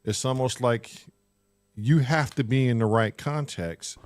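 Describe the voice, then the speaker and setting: A man co-hosting a live stream in casual chat, easygoing and quick to agree. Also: medium pitch, darkish tone. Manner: easygoing, many short agreeing replies.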